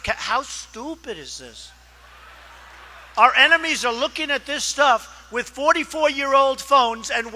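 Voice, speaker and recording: Over slight background noise, a man with an extremely high, pushed and bright voice gives a campaign speech at a fundraising dinner. As a political candidate, he boasts, repeats himself, wanders into asides and acts out quoted exchanges in a conversational manner.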